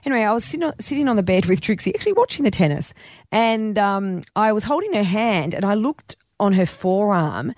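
Woman, radio host, dramatic storyteller, medium pitch, dry close sound. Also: fairly quick, no room sound. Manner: animated storyteller, dramatic retelling. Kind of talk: casual radio chat.

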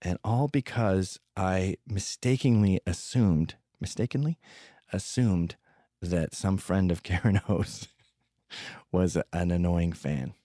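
Low-voiced sardonic man, dry sound. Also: takes it slowly, warm tone, no room sound. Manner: profane, sardonic, rambling storytelling. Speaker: podcast host telling stories. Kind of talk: comedic monologue.

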